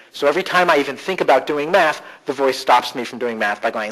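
Animated man leading a conference workshop. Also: rough recording. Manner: animated, demonstrates voices with sudden slow low drops. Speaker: workshop presenter. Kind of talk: live conference workshop talk. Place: conference hall.

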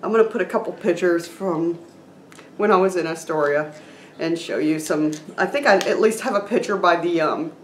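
A woman's voice: fairly low pitch, moderate pace, roomy sound, a little hiss or hum. A woman vlogging casually at home, gushing and laughing often, a little teary. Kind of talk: casual vlog chat. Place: room at home with a noisy chair.

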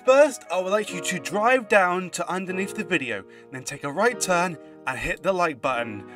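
A man's voice: high-pitched, animated, normal speed, over music. A man voicing a formal male GPS navigation machine, giving stiff, announcer-like directions.

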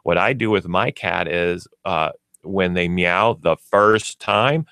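Low-voiced man explaining pet training. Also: slow pace, gravelly, pushed and bright, clean tone, no room sound, clean studio sound. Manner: explanatory, uses everyday examples and acts out pets. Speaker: pet store expert guest. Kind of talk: radio talk show. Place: radio studio.

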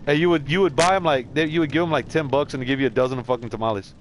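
This San Antonio, Texas native talks rapid-fire in a slightly high voice with few pauses, over slight background noise. While streaming a game, he spins rambling stories in casual chat, swearing heavily.

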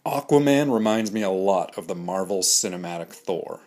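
A man's voice: sits low, animated, moderate pace, hardly any pauses, darkish tone. A man hosting a comics analysis show, giving candid, opinionated reviews in a scripted monologue with dry jokes. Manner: candid, opinionated, dryly joking.

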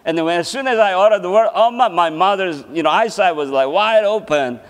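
A man's voice: sits high, fairly quick, clean tone. A man giving a sermon as a seminar presenter, telling a personal story and laughing often as he talks. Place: church hall. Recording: long hall reverb.

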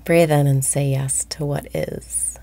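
A woman guiding a meditation, speaking slowly and softly, often breathy and whispered. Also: sits low, steady tone. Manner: slow, soft-spoken, often breathy and whispered. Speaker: meditation guide. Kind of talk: guided meditation.

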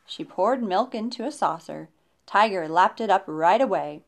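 Woman storyteller, lively pitch, chatty asides, children's read-aloud. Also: normal speed, creaky. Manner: warm-toned, chatty asides with laughs.

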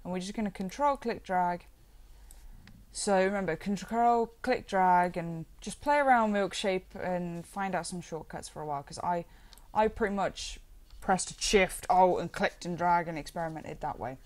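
A woman walking viewers through a software tutorial in a casual, chatty way, rambling now and then with self-deprecating asides. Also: on the low side, normal speed. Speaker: modding tutorial maker.

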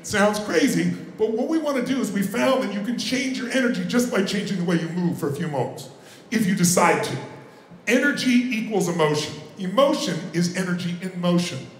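Booming motivational speaker, echoey hall. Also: male voice, animated, fairly quick. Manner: booming, exhorting, calls for audience response. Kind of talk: live motivational seminar talk. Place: large conference room with audience. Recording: echoey live room with faint noise.

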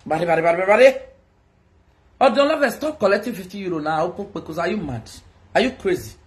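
A Nigerian-accented woman on a social media livestream teases her viewers and sing-songs mock sales calls, switching between Pidgin and Yoruba. Her lowish voice is fast with lively intonation.

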